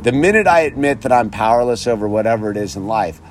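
A man's voice: medium pitch, expressive, fast talker, background noise. A man talking outdoors in his yard in a casual, rambling monologue about sobriety and faith, saying "dude" constantly. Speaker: vlogger speaking on sobriety and faith.

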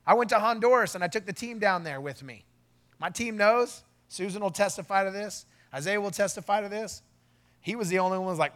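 A middle-aged man preaching a sermon as pastor, telling a story with swings from low asides to loud exclamations. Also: fairly quick.

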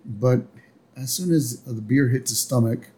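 A man's voice: medium pitch, measured pace, dark tone. A man co-hosting a podcast, casually narrating plot beats of a cartoon episode. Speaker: podcast co-host.

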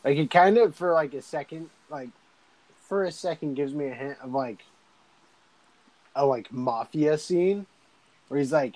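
A man's voice: on the high side, takes it slowly, long pauses, darkish tone, no room sound, poor audio. A young man casually recapping a movie in a rambling, laid-back way, swearing often.

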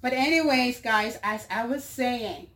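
A woman's voice: fairly high pitch, measured pace, fairly bright tone. A woman, a mother, hosting her own show in a casual monologue, chatty and full of fillers, often laughing. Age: adult mother. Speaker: show host.

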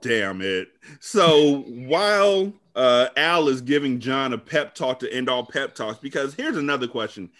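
A man hosting a podcast, with a deep voice, recapping a film in casual, profane, rambling chat. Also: animated, unhurried, hardly any pauses, a bit bright. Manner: profane, rambling, retelling scenes. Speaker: podcast host. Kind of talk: casual movie-review chat.

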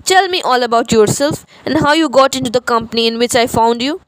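A woman reading the lines of a kind, fatherly elderly gentleman in a storybook, measured and reassuring. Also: very high-pitched, smooth, no room sound, low-quality recording. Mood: earnest.

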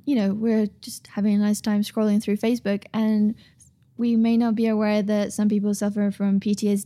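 Woman, podcast guest, warm mellow voice, earnest and reflective, halting casual delivery. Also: medium pitch. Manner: thoughtful, earnest, many ums and restarts. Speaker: author and guest.

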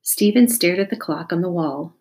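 A woman calmly reading a children's chapter book aloud as narrator. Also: lowish voice, moderate pace.

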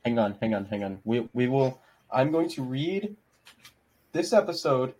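A man's voice: mid-range voice, lively intonation, unhurried, a little mellow, breathy edge. A young man in a casual online chat with friends, rambling and stalling as he hunts for a topic.

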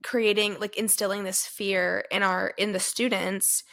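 A woman in her twenties co-hosting a podcast, talking casually with lots of "like" and lively retellings. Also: medium pitch, a little slow, creaky. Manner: chatty, heavy use of "like", animated retellings. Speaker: podcast co-host. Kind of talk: casual chat.

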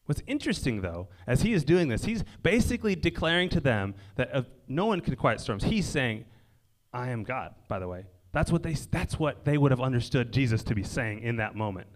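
Conversational preacher man, hushed emphasis. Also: medium pitch, sing-song, a little fast. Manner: conversational, frequent "like" and "right?", drops to quiet emphasis. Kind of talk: casual sermon. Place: indoor gathering near a lake.

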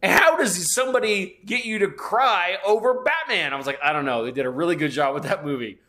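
A man's voice: high-pitched, animated, fairly quick, pushed and bright. A man in his fifties, a podcast co-host, telling a rambling story in casual chat and swearing freely. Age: 50s.

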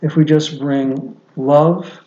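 A man in his sixties, a podcast guest and father, telling a reflective story earnestly with lively swings in pitch. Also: takes it slowly. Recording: echoey, dull lo-fi sound.

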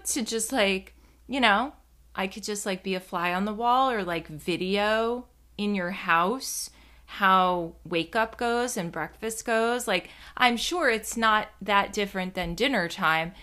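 Young woman, casual host, bright and punchy tone, chatty and profane. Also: medium pitch. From New Jersey. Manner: chatty, profane, rambling with many fillers. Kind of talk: casual storytelling monologue.

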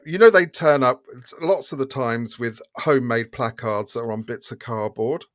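A man's voice: medium pitch, moderate pace, no room sound, clean studio sound. A man co-hosting a podcast, telling wry anecdotes and laughing heartily at them. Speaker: podcast co-host. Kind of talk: casual podcast chat.

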